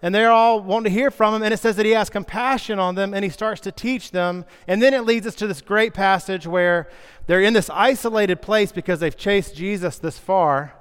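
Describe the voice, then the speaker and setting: A man preaching a sermon, telling the story with lively, acted-out asides. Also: high-pitched, moderate pace, clean tone. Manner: animated storytelling, acting out scenes. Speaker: pastor. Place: church sanctuary. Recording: long reverb of a large hall.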